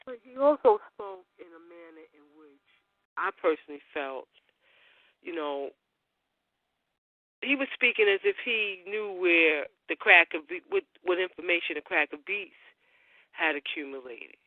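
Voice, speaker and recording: Halting voice on a dry phone line. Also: medium pitch, lively intonation, no echo. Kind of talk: casual chat.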